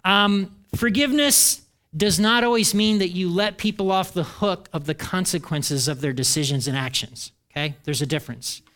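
A pastor in middle age preaches at a moderate pace with a bright, high voice. He's animated with his congregation and imitates the people he quotes as he goes.

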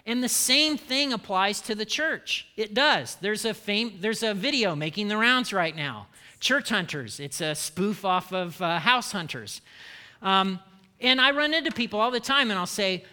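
With a high-pitched, animated voice that's bright, forceful, clear, and resonant, an American pastor preaches at a moderate pace. His sermon is conversational and playful as he teases his congregation, captured with long hall reverb.

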